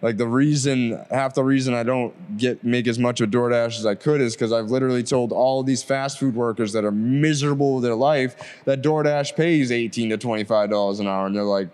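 A man's voice: medium pitch, a little fast, hardly any pauses, smooth. A young man, a delivery driver, telling a story casually and animatedly, acting out the dialogue. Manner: animated, acts out quoted dialogue.

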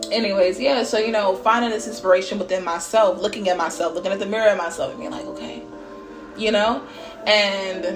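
A woman talks through a personal story at home in a loose, unscripted way. Her delivery is candid and animated, with swearing and bursts of laughter, over music playing behind her. Her pitch sits at a middling level for a woman. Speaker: podcast host. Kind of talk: casual storytelling monologue.

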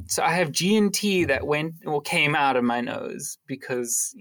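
A man's voice: on the high side, expressive, measured pace, fairly bright tone. A man co-hosting a podcast from a blanket fort at home, teasing and swearing casually, laughing, with a sniffly nose. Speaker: podcast co-host. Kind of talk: casual chat.

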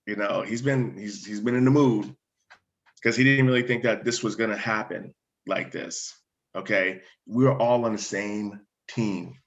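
A man who works as a fire chief, telling a personal story in animated conversation, often restarting words. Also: lowish voice, measured pace, lo-fi sound.

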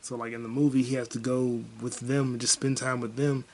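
A man's voice: medium pitch, little pitch movement, brisk, darkish tone. A young man rambles through a casual movie review on his podcast. His voice sits in an ordinary middle register, laid-back and loose, and he drops in the odd curse. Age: young adult. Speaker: podcast host.

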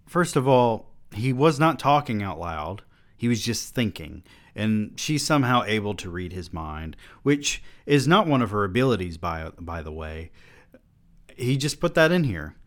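A man's voice: on the low side, sing-song, unhurried. A young man reads his own early novel aloud and mocks it with sarcastic, swearing commentary.

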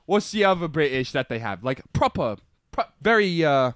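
A man's voice: fairly high pitch, expressive, a little fast, fairly bright tone, clean tone, no room sound, clean studio sound. A man co-hosting a podcast in casual, slangy banter, laughing often between lines. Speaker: podcast co-host.

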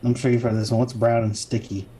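A speaker telling dad jokes in a casual chat, delivering the punchlines in a flat, matter-of-fact way. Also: mid-range voice, quick pace, a little hiss or hum. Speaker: joke teller in a try-not-to-laugh game. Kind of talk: casual joke swapping.

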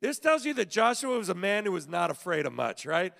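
A man pastor giving a sermon at a church service in a lively, conversational way, with frequent stammered restarts. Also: high voice, brisk, vocal fry.

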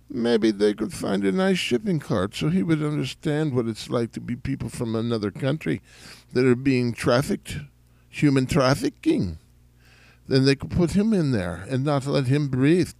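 A man putting on a German accent as a pompous, formal caller who runs a leather shop, speaking slowly. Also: medium pitch, darkish tone, dry recording. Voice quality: gravelly, slow and formal. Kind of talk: comedic prank call monologue. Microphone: phone call.

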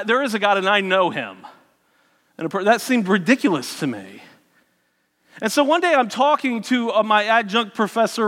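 A man's voice: high-pitched, bright, forceful tone, big-room sound. A man candidly telling his personal faith story to an audience, often restarting his sentences. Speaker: speaker sharing his testimony.

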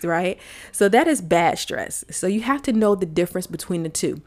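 A woman's voice: fairly low pitch, lively intonation, normal speed, a little mellow. A woman speaking as a wellness coach in motivational coaching talk, earnest and firing off rhetorical questions. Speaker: wellness coach and podcast host.

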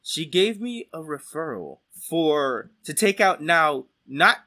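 Animated young man ranting. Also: a little high, slow. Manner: animated, profane, exasperated. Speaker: podcast co-host. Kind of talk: casual storytelling rant.

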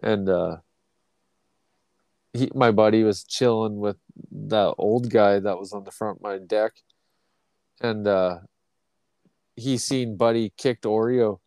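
A man's voice: on the low side, fairly even intonation, slow, pauses often, a little mellow, no room sound. A man from Canada telling long, rambling, profane stories in a casual podcast chat. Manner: profane, rambling anecdotes with acted quotes. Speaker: podcast co-host.

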